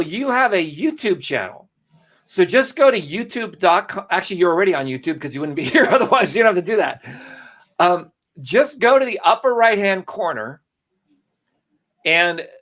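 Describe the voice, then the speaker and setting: Upbeat man hosting a live marketing stream. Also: on the high side. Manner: animated, salesy, addresses viewers by name. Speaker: co-host of a live marketing broadcast. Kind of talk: casual live-stream presentation.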